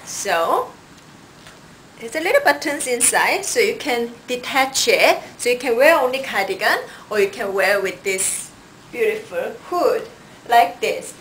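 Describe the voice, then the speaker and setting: Slow-talking woman stylist. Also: fairly high pitch, sing-song, fairly bright tone, a little hiss or hum. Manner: unhurried, shows each item with "like this". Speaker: fashion stylist presenting clothes. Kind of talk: product styling demo. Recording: roomy sound from a distance.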